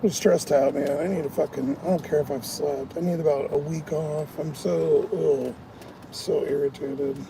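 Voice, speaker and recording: Frustrated male delivery driver, ranting on a stream from his car, gravelly voice, engine noise behind. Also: on the high side, fairly even intonation, moderate pace. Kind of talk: live-stream venting while driving. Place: inside a parked car.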